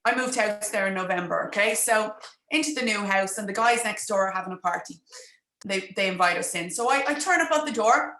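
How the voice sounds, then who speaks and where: A woman business coach talking quickly and chattily on a livestream, speaking straight to her viewers. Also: medium pitch, sharp tone, reverberant, slight background noise. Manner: fast-talking, chatty, addresses viewers directly. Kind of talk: live-streamed social media coaching talk.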